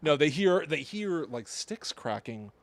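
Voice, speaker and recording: A man's voice: on the high side, a little slow. A man co-hosting a podcast, chatting casually and retelling a creepy story with playful asides. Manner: playful, laughs often, lively storytelling with acted quotes. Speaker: podcast co-host. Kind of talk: casual chat, reading a creepypasta.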